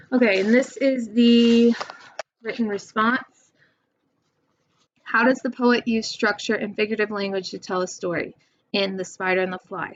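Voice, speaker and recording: A young adult woman teaching a remote poetry lesson, talking slowly and clearly and spelling words out for her students. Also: mid-range voice, no room sound, lo-fi sound.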